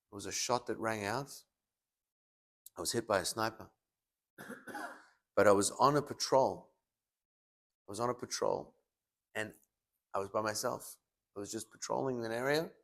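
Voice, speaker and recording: Male rabbi, sermon delivery, animated storyteller who acts out the voices he quotes. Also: lowish voice.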